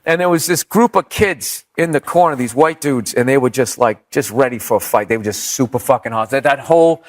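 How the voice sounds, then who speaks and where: A man's voice: medium pitch, fairly quick. A man, a stand-up comedian, telling stories in a casual, rambling, profane way. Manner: profane, rambling storyteller with quoted voices. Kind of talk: casual storytelling on a podcast.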